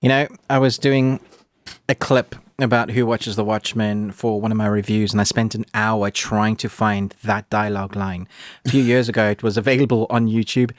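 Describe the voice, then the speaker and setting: A man hosting a casual podcast, chatty and quick to laugh, running a movie quote quiz. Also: level tone, dry recording. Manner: chatty, laughs easily, bursts into silly high voices when quoting. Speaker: podcast host.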